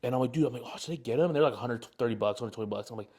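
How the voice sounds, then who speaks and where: Young man, rapid talker, rambling storytelling, casual podcast chat. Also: mid-range voice, a little mellow. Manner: rambling storyteller with many fillers. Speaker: podcast co-host.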